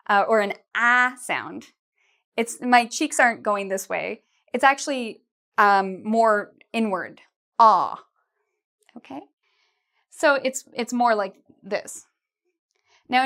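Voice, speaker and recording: A woman's voice: a little high, fairly bright tone. A woman teaching an English pronunciation lesson to camera, patiently modelling vowel sounds and words for learners to repeat. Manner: patient, slow, models sounds with exaggerated mouth shapes.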